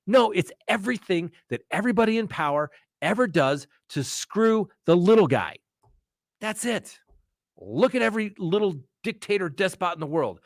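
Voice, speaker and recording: A man's voice: high-pitched, lively intonation, normal speed, no room sound, studio quality. Man ranting with emphatic live commentary. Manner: emphatic, ranting, with mocking quoted voices. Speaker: host. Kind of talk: live true-crime commentary.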